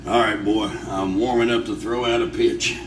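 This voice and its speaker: A man's voice: fairly low pitch, little pitch movement, normal speed. A man doing crude, blustering comedy banter, cursing and exclaiming as he goes. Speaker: prankster in a skit. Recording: roomy, distant, noisy.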